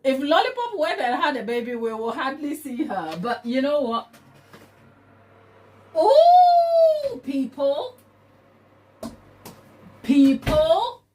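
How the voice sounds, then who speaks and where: A woman's voice: high voice, normal speed, a little hiss or hum. A woman hosting a live baking stream, chatting casually with viewers in a teasing way that keeps breaking into laughter. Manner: talks to herself to calm down. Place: home kitchen.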